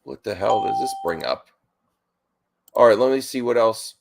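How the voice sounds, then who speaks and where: A man hosting a live stream reaction, excited and worked up, often stopping himself mid-sentence. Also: fairly low pitch, moderate pace, vocal fry, noisy background. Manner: excited, restless, keeps interrupting himself. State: nervous and worked up.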